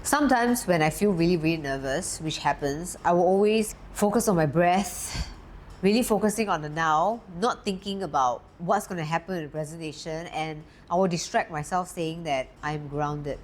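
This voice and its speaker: A woman coaching on confidence in a steady, emphatic teaching talk, lifting her voice on key words. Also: on the low side, normal speed, a little hiss or hum. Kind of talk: talking-head teaching talk.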